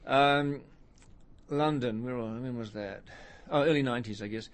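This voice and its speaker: A middle-aged man with a mid-pitched voice chats as a guest, rambling loosely through anecdotes. He fills his talk with ums and uhs and laughs at himself. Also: unhurried. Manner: rambling storyteller, self-deprecating, many fillers. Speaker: musician guest. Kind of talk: casual interview chat.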